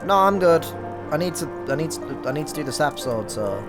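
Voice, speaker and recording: Swearing young let's-play host. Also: male voice, on the high side, expressive, a little fast. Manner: casual, swears often, laughs, reads game text aloud. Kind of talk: casual gameplay commentary. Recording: game audio mixed under voice. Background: game music.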